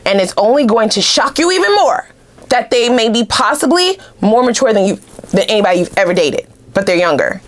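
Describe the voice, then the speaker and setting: A woman giving a casual tarot reading to her viewers, animated and blunt, swearing freely and laughing often. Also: fairly high pitch, fairly quick. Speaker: tarot reader.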